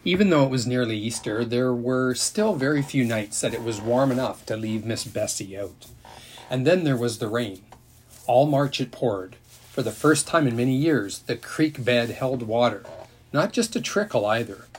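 A man reading a children's novel aloud in a steady, unhurried storytelling manner, with a husky voice. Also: mid-range voice, a little hiss or hum. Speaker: narrator.

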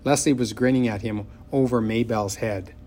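A man narrating an audiobook in a measured, expressive way. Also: medium pitch.

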